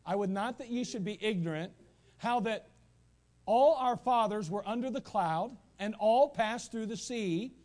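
A male pastor preaching a sermon in a church, animated, with asides and repeated phrases. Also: sits high, a little slow. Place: church sanctuary.

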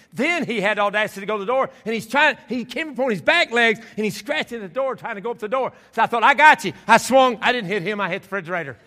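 A man preaching a sermon, telling a story and acting out the scenes with shouts and laughter, recorded in a church sanctuary. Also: very high voice. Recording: church hall with long reverb.

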